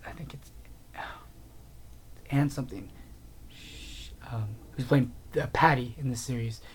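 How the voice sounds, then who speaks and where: A man's voice: mid-range voice, darkish tone. Rambling man reviewing TV shows. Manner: rambling, many fillers and restarts. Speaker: TV review podcast host. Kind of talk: casual spoken TV review.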